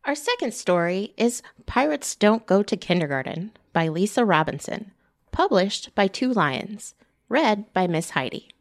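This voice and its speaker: A woman, a children's librarian, reading a picture book aloud with playful shouts and whispers. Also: mid-range voice, big pitch swings, measured pace, no room sound. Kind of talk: storytime read-aloud with character voices.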